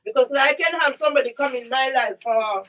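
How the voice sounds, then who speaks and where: High-pitched woman venting to camera, furious and upset, cursing a ton, keeps saying yeah?. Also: a little fast, bright, forceful tone, a little hiss or hum, poor audio. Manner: agitated, heavy swearing, keeps asking "yeah?"; emotional, near tears. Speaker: vlogger. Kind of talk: angry personal monologue to camera.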